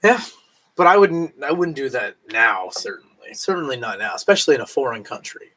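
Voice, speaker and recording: A man's voice: medium pitch, sing-song, brisk, sharp tone, rough recording. A drunk man rambling casually on a late-night live stream at home, swearing and chewing food as he talks.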